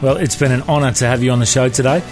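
Brief: male radio host, quick delivery, faint music underneath. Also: medium pitch. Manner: quick, affirming listener. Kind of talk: radio interview.

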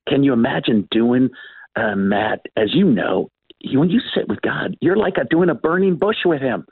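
A man's voice: medium pitch, animated, normal speed, gravelly, slightly rough, no room sound. An older man guest, telling stories in an interview and acting out the voices of the people in them. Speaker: author and guest. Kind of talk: animated storytelling in an interview. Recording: tinny phone-like line.

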